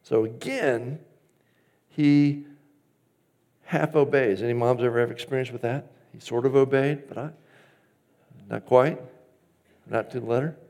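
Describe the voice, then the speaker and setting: Brief: male pastor, sermon delivery, average pitch, shifts between loud emphasis and soft asides, acts out quotes. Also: steady tone, measured pace, pauses often. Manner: acts out quoted lines from scripture.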